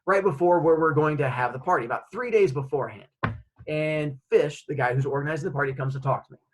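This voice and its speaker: A middle-aged man, a podcast host, telling a story in a chatty, animated way. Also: fairly high pitch, fast talker, rough recording. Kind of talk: casual storytelling.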